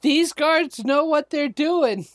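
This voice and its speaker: A man running a tabletop game as game master, calling out turns and dice rolls in a low-key way. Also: takes it slowly.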